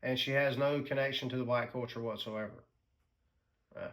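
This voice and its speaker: A man's voice: mid-range voice, fairly even intonation, moderate pace, fairly bright tone. A man hosting a casual commentary chat, making dismissive, sarcastic remarks. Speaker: commentary host.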